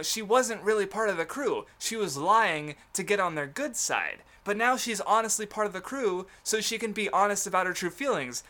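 A man's voice: high-pitched, bright, forceful tone. A young man co-hosting a casual chat, rambling with many fillers, restarts and frequent laughter. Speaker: podcast co-host.

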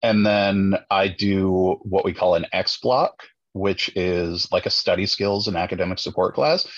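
A husky-voiced man chats casually as a teacher, spinning classroom stories and jumping into a loud drill-sergeant voice for his own lines. The recording is dry and a little dull, with no room around it. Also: sits low, a little slow, no room sound. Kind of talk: casual chat.

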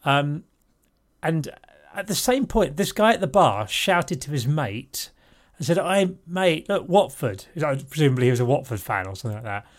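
A man's voice: on the high side, lively intonation, normal speed. A middle-aged man casually telling a rambling story on a podcast, correcting himself as he goes and breaking into laughter.

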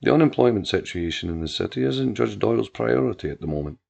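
A man voicing a cold, emotionless lawmaker who speaks in quiet threats. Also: fairly low pitch, expressive, quick pace, vocal fry, slightly rough, exaggerated voice. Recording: dull lo-fi with faint music.

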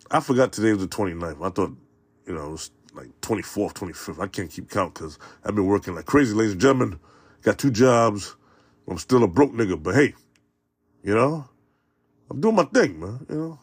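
A man hosting his own podcast alone, rambling casually and cursing freely. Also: lowish voice. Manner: profane, rambling, laid-back. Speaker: podcast host. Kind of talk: casual solo podcast monologue. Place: home in New York.

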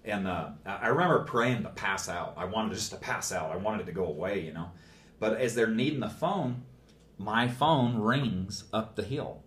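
A man's voice: on the low side, animated, moderate pace, fairly bright tone, reverberant. A man telling a long story in casual speech, plainspoken and rambling, with folksy phrasing.

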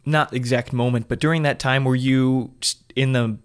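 A man's voice: mid-range voice, fairly even intonation, normal speed, clean tone. Curious male podcast host. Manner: curious, asks follow-up questions. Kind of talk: casual interview.

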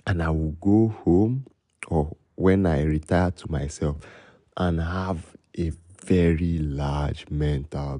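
A young man with a Nigerian accent hosts his own podcast alone in the small hours. His voice sits very low, with a husky, mellow tone. He rambles and freestyles, sliding between Pidgin and English, and the sound is close and dry. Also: no room sound. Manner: talking low late at night. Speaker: podcast host. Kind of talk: rambling solo podcast chat.

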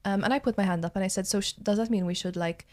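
A woman's voice: mid-range voice, quick pace, darkish tone. A young woman from Malta with a Maltese accent, a drama student chatting casually on a podcast and using lots of fillers. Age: young adult. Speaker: drama school student guest.

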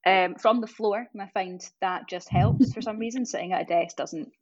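A young woman from Scotland's east coast, rolling her R's, who tells animated stories with quick laughs while co-hosting a podcast. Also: mid-range voice, muffled recording. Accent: east coast Scottish, rolled R's. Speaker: podcast co-host. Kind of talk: casual podcast chat.

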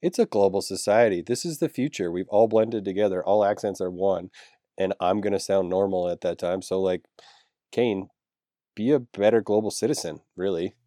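A man's voice: sits low, normal speed, mellow, no room sound, studio quality. A man in his thirties co-hosting a podcast, teasing and laughing easily in casual chat. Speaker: podcast co-host.

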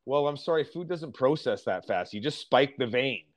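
Blunt, opinionated male podcast guest with a mid-pitched voice. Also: animated, normal speed. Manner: emphatic, blunt, mimics other people's complaints. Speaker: podcast guest on fasting and diet. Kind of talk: casual podcast chat.

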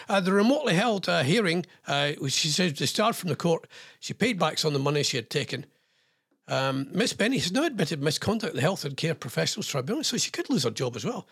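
A man's voice: high voice, fairly quick, husky. A man hosting a show, chatting through news stories in a joking, rambling way. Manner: animated, joking, rambling asides. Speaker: radio host. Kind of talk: jokey chat on news stories.

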